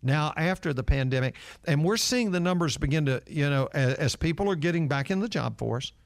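A nonprofit leader earnestly tells stories full of fillers in answer to interview questions. His voice is on the high side, animated, fairly quick and gravelly, recorded dry with clean studio sound.

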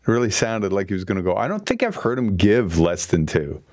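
A man's voice: lowish voice, very animated, fairly quick, darkish tone, dry recording, clean studio sound. A man hosting a film segment in casual, rambling chat, often correcting himself. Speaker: host.

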